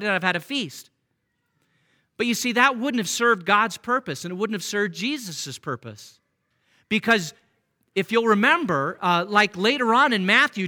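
A man's voice: high voice, pushed and bright. A man preaching a sermon, reading scripture and asking the congregation conversational questions. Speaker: pastor.

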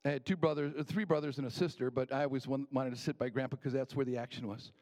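A man telling a personal story from his boyhood in a folksy, unhurried way, with small restarts. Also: mid-range voice, fairly even intonation, darkish tone.

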